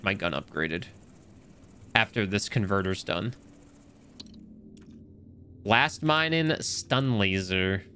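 A young man chatting casually while streaming a game, telling stories with big rises in his voice when excited. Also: slight background noise. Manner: animated storytelling, swings high when excited. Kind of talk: casual gameplay commentary.

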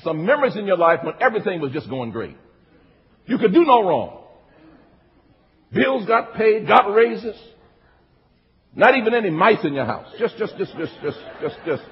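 A man preaching in a church, his voice rising and falling with lively energy and sitting a little high. He repeats phrases and calls out to his congregation. The sound rings through a reverberant hall and comes across muffled and lo-fi. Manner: animated, repetitive call-and-response preaching. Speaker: pastor. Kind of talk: sermon. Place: church sanctuary.

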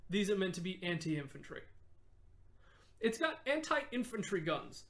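A woman's voice: fairly low pitch, big pitch swings, unhurried. A young woman co-hosting a casual history podcast, explaining with enthusiasm and frequent laughter. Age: young adult. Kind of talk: casual chat.

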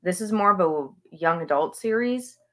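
A woman's voice: fairly low pitch, lively intonation, moderate pace. A woman author chatting as an interview guest, talking with gushing enthusiasm about books she loves. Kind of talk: casual interview chat.

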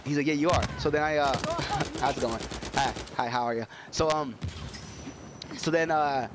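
A young man with a cold giving excitable, chatty commentary while playing a shooter game. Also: fairly high pitch, normal speed, background noise. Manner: excitable, yelps and trails into chatty stories. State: sick with a cold, coughing. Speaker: gaming YouTuber. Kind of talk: casual gameplay commentary. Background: game gunfire.

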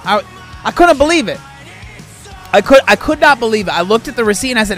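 A man hosting a casual vlog, ranting in an exasperated, animated way and tossing in "dude" and "bro". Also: high-pitched, fairly quick, soft background music. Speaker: food vlogger host.

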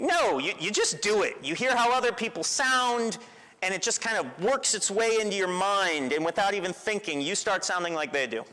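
A man preaching a sermon in a relaxed, storytelling way, with self-deprecating humor. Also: high voice. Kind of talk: conversational sermon. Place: church sanctuary. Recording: long church reverb.

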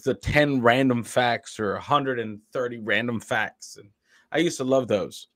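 A man's voice: medium pitch, a little slow, a bit bright. An American man chatting casually and rambling a little while reacting to a clip. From United States. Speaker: video reactor.

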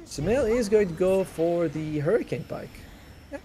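A man's voice: sits high, animated, moderate pace, background noise. A man adding chatty, joking color commentary on an esports match. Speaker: esports co-caster.

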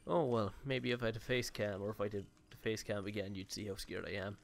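A man's voice: fairly low pitch, steady tone, fast, creaky. A man giving casual, rambling let's-play commentary on his own game session, with mild swearing. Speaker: gaming YouTuber.

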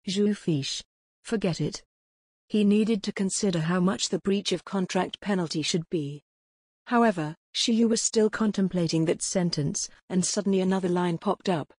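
Husky, low-voiced woman reading a story. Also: moderate pace, darkish tone, dry recording, studio quality. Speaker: audiobook narrator. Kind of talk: scripted narration.

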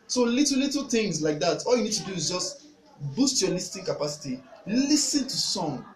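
A man's voice: high-pitched, big pitch swings, fairly quick. A young man gives a casual spoken music lesson, earnest and repeating his points, sometimes singing short examples. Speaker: music tutor. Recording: echoey room with faint hum.

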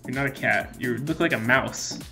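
A man's voice: mid-range voice, moderate pace, creaky, music in the background. A man giving joking let's-play commentary in a playful, goofy way, answering in mock meows. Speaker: gaming video creator.

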